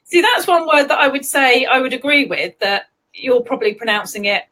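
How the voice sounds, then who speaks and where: A woman's voice: high voice, lively intonation, fairly quick, bright, forceful tone. A woman hosting a casual live chat, chatty and laughing, with many ums. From England. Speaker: host.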